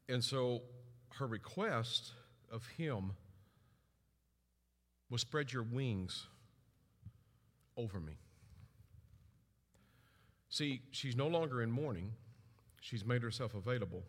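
A middle-aged man preaching a sermon, telling stories and acting out family voices with big swings in pitch. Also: slow pace, pauses often. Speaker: pastor. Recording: long hall reverb.

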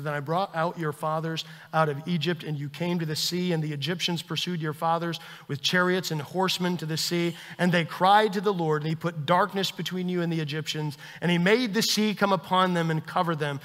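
A high-voiced, bright male pastor preaching a sermon with fervent swings from loud to hushed. The sound carries the long reverb of a church sanctuary. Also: fairly even intonation, a little fast. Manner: impassioned preaching, rising and dropping intensity.

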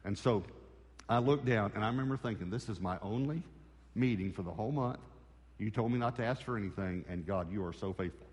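A male preacher telling a testimony in the middle of a sermon, acting out both sides of each exchange. His voice sits on the low side. The sound rings with the long reverb of a church hall. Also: brisk, a little mellow. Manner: storytelling, acts out dialogue with God.

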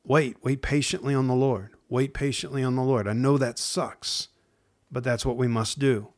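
A man preaching in a casual, conversational sermon, speaking plainly to listeners and slipping into slang and hushed acted-out asides. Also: mid-range voice, flat delivery, moderate pace. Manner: acts out inner voices in hushed asides. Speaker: pastor.

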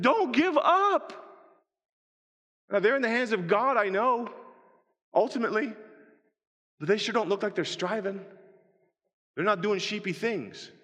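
A man preaches in a hall with a long, ringing reverb. His voice sits high and bright, and he tells his story with animated energy, acting out the scenes and pleading loudly. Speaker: pastor. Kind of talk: sermon.

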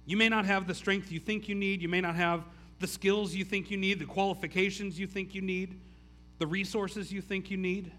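Retelling the story in a conversational sermon, a pastor keeps restarting phrases and saying "like." He speaks at a moderate pace in a high-pitched, pushed, bright voice with fairly even intonation.

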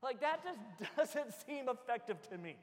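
A pastor delivers a lively, joking sermon, slipping into little acted scenes to make his point. His voice sits very high for a man. The sound carries a long reverb, as from a large church hall. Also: moderate pace.

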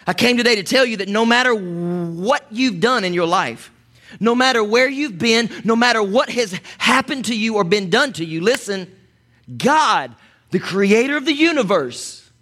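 A man's voice: sits high, lively intonation, a little slow, bright, forceful tone. A man preaching a sermon as pastor, chatty and conversational, with asides to the congregation.

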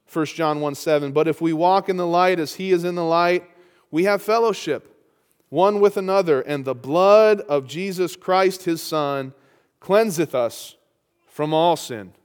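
A man's voice: fairly high pitch, a little slow, smooth. A man preaching a sermon, reading scripture aloud and rising to emphatic peaks. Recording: long hall reverb.

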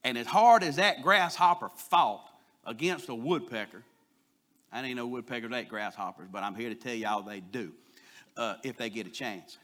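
A man preaching a sermon, telling a folksy story and pushing louder on his key points. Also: medium pitch, moderate pace.

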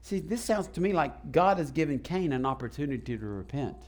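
High-voiced preacher. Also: male voice, big pitch swings, a little fast. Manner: preaching, calls to the congregation. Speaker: pastor. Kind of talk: sermon. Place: church sanctuary.

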